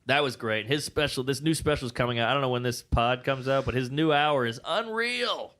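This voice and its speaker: A man's voice: mid-range voice, a little fast. A male comedian telling stories in a casual interview, acting out quotes and swearing freely. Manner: animated storyteller, acts out quotes, swears freely. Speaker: comedian guest.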